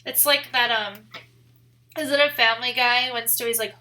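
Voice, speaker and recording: Midwest girl chatting on stream, kinda high and bright, says like a lot, laughs easy. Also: steady tone, normal speed. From American Midwest. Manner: chatty and rambling, heavy use of "like", laughs often. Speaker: photography streamer. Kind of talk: casual live-stream chat.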